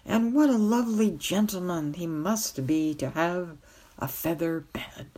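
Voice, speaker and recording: A woman's voice: on the low side, measured pace, dark tone. A woman voicing a bumbling, mournful older king-knight who whines and sighs. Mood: wistful eager. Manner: plaintive, whining, sighing.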